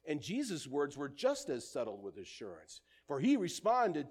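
A man preaching a sermon, earnest and measured, who quotes scripture in older English and lets his voice sink at the ends of phrases. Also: fairly high pitch, huge pitch swings, a little mellow, husky.

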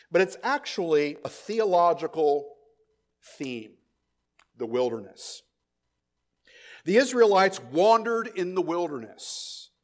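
A man with a notably high voice delivers a sermon. He speaks emphatically, repeating key phrases for weight, and drops his voice low for quiet asides. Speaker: pastor.

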